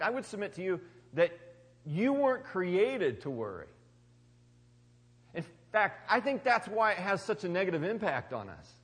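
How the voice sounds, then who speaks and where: A somewhat high-voiced man preaches to a congregation in a casual, conversational way. He rises to loud emphatic bursts, then drops to hushed, quiet phrases. His voice rings with the long reverb of a large hall. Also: husky. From United States. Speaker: pastor. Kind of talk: sermon.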